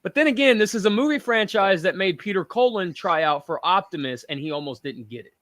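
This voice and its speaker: A man's voice: sits high, expressive, a little fast, a bit bright, no echo. A man hosting a casual panel chat, talking in emphatic, rambling rants. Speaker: podcast host.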